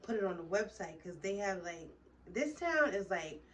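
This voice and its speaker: A woman's voice: medium pitch, sing-song, moderate pace, a bit bright. Profane young woman telling a story. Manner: heated, profane, rambling retelling. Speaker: vlogger. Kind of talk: casual storytime. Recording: distant mic with faint background noise.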